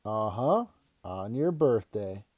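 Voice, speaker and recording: Brief: man voicing a giddy storybook dad, loud, teasing, raised pitch, dark dry tone. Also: big pitch swings, takes it slowly, dry recording, heavily acted. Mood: excited. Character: excitable, bouncy adult father, playful joker.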